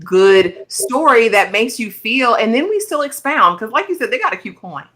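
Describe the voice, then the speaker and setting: A woman co-hosting a TV review show in casual chat, animated and exclamatory. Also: a little high, moderate pace. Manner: animated and exclamatory, acts out characters' lines.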